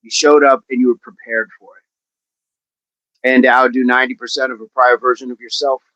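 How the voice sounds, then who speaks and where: A man's voice: mid-range voice, little pitch movement, normal speed, pushed and bright, no echo. A man coaching fitness on a livestream, talking with viewers in an upbeat, encouraging way and often repeating his phrases. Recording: dull, dry livestream audio.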